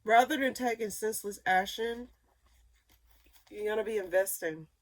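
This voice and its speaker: A woman's voice: medium pitch, moderate pace. A woman giving a casual tarot reading, talking in loose rambling sentences full of fillers, restarts and repeated phrases. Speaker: tarot reader.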